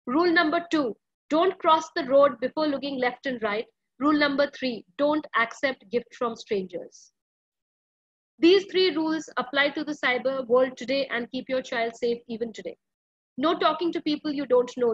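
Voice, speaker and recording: A woman's voice: high-pitched, no echo, lo-fi sound. A woman speaking earnestly to parents at an online school workshop, often pleading and using many fillers. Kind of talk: parenting workshop talk over a video call.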